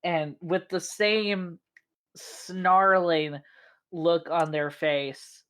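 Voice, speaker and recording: A woman with a low voice narrates a tabletop fantasy battle as dungeon master. She talks slowly and haltingly, filling pauses as she finds her words. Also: steady tone. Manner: slow, halting narration with fillers.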